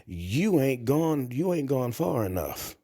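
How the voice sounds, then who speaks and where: A man's voice: medium pitch, sing-song, slow, dark tone, dry recording, studio quality. A man talking to camera in a blunt, crude, rambling monologue. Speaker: vlogger. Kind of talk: casual monologue.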